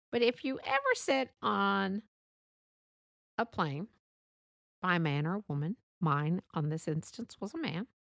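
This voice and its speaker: A woman's voice: fairly low pitch, no echo. Woman, podcast host, chatty, laughs a lot, dry close sound. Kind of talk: casual solo podcast talk.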